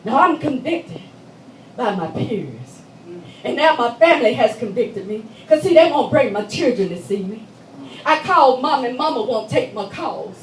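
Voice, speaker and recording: High-voiced woman doing a dramatic monologue, talks to the crowd like a friend, echoey church hall, mic far off. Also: very animated, normal speed, a little hiss or hum. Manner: emphatic, conversational storytelling. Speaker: stage performer. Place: church meeting room.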